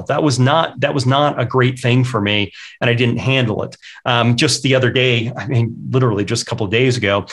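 A middle-aged man talks openly as a guest, walking through his own missteps story by story. He keeps an ordinary pitch and a relaxed conversational pace, and he slips into quoting himself and others as he goes. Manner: candid, anecdotal, quotes himself often. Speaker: real estate investor and agent, guest.

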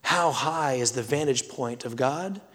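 A man, preaching a sermon that swings from loud scripture reading to hushed whispers. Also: medium pitch, a little slow. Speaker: pastor. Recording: long reverb of a large hall.

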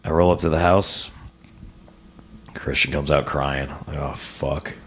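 A comedian from the American Midwest speaks in a very deep, low voice as a podcast guest. He talks casually about his own life, with frequent swearing and halting, repeated starts. He is recorded in a living room. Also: steady tone, a bit bright, slight background noise. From Rock Island, US Midwest. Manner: swears often, halting, with stammered restarts. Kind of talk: casual personal storytelling in an interview.

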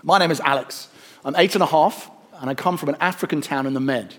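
A man narrating a rhyming story in a gentle, rhythmic storytelling manner. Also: a little high, brisk.

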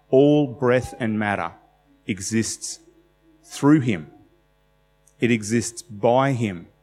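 A man's voice: medium pitch, a little mellow, in a large hall. A man preaching a sermon in a conversational, emphatic way, telling stories with animation.

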